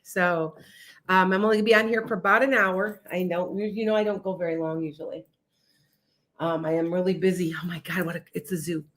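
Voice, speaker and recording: A woman's voice: lowish voice, fairly even intonation, fairly quick, a bit bright. A woman hosting a casual livestream as a psychic reader. She talks in a chatty, scattered way that turns emphatic and insistent. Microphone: streaming setup.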